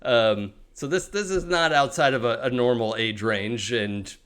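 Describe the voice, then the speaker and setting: Young guy running a tabletop game, rambly, lots of ums, ordinary pitch. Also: moderate pace, a bit bright, smooth. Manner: rambling, many fillers and restarts. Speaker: game master. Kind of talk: narrating a tabletop role-playing game.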